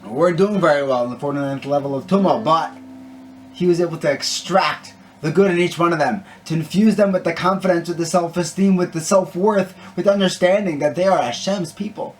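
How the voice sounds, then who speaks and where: A man's voice: a little high, fairly quick. A man giving a short, conversational Torah talk and story, peppered with Hebrew and Yiddish terms. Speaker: Torah teacher and singer. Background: guitar music.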